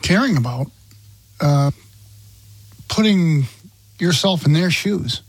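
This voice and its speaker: A man's voice: fairly high pitch, lively intonation, slow, husky, no echo. A man speaking in a thoughtful, slightly hesitant way in a casual conversation.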